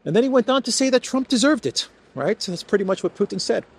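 A man's voice: high-pitched, lively intonation, fast talker, breathy edge. A man giving mocking, rambling political commentary while walking through an indoor food court, recorded on a handheld phone. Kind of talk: casual walk-and-talk vlog.

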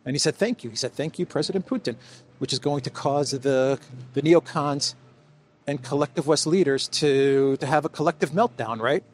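A man's voice: medium pitch, normal speed, a little hiss or hum. A man giving mocking, rambling political commentary while walking through an indoor food court, recorded on a handheld phone. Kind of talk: casual walk-and-talk vlog.

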